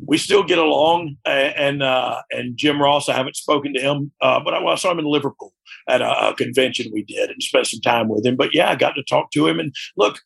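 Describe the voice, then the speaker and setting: A man's voice: medium pitch, brisk, gravelly, fairly bright tone, breathy edge. A man being interviewed as a guest, talking frankly and reflectively, often checking "you know what I mean?". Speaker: interview guest, former wrestler. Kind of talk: candid conversational interview.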